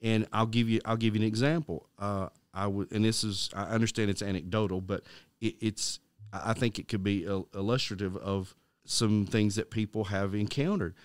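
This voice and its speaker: Low-voiced man telling a story. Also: steady tone, clean tone, no echo. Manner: storytelling, acts out quoted voices, halting restarts. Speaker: podcast co-host. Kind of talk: casual Christian podcast conversation.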